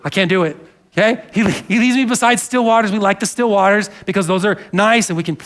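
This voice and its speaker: Pastor, male, high-pitched; earnest conversational sermon with congregation asides. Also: quick pace, a bit bright. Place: church sanctuary.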